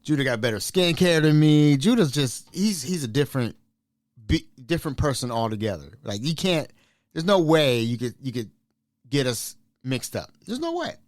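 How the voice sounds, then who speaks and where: A man's voice: mid-range voice, sing-song, normal speed, no room sound, clean studio sound. A man who works as a cook, telling a story in a casual, emphatic monologue, repeating himself for effect and laughing between phrases. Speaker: cook at an elderly care facility.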